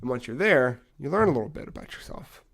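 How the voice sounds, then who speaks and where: A young man co-hosting a casual podcast, retelling a video game story with lively acted-out dialogue and frequent swearing. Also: medium pitch, fast talker, vocal fry. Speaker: podcast co-host.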